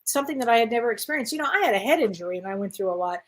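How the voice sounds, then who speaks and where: A woman's voice: a little high, lively intonation, rapid-fire. A woman co-hosting a casual talk show, speaking in a reflective, earnest way. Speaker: co-host. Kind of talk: casual conversation.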